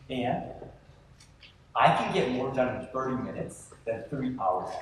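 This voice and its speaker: A male pastor preaching a sermon to a live audience, animated and chatty, talking straight to the crowd. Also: medium pitch, a little hiss or hum. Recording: echoey hall from far off.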